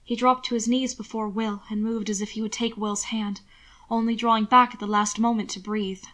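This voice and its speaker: A woman narrating a novel in a soft, even storytelling voice. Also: fairly high pitch, moderate pace. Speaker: audiobook narrator.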